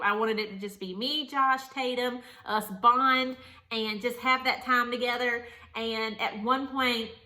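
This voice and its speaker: Bright-voiced chatty young woman. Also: fairly high pitch. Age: young adult. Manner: chatty, animated, candid, laughing. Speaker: vlogger. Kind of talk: casual storytelling to camera.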